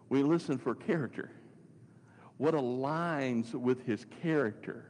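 A man preaching with a slightly husky, breathy voice that carries a long reverb, as if in a large hall. He is earnest and asks many rhetorical questions. He often stops and restarts his phrases. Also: medium pitch, unhurried, a little mellow. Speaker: pastor. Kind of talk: sermon podcast teaching.

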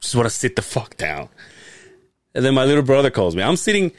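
A middle-aged man hosting a podcast who tells a long story in a casual, animated way, swearing often and laughing as he goes. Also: mid-range voice, a little fast, no echo, studio quality. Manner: animated, profane, laughs while telling stories. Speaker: podcast host.

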